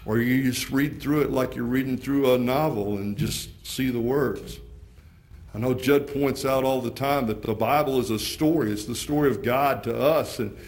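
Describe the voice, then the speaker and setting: A man preaching a sermon, moving from hushed, quiet passages to fervent emphasis and pressing his listeners with repeated rhetorical questions. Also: medium pitch, moderate pace. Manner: impassioned, rising from hushed to fervent.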